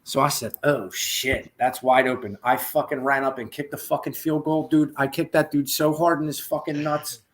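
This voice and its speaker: A man's voice: a little high, fairly even intonation, moderate pace, hardly any pauses. A man hosting a podcast, telling a rowdy story in casual, profane chat and acting out the quotes. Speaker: podcast host.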